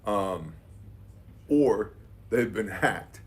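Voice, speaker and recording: Husky-voiced man telling a story. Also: on the low side, very slow. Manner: animated, quotes dialogue with "I'm like". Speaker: business owner. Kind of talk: casual storytelling.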